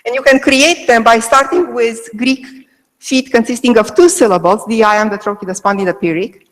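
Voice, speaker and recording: Lecturing on Greek meter for listeners joining remotely, a woman speaks at normal speed in a slightly high voice. She builds her explanation step by step and keeps checking in with "okay." Poor audio and a big-room sound mark the recording.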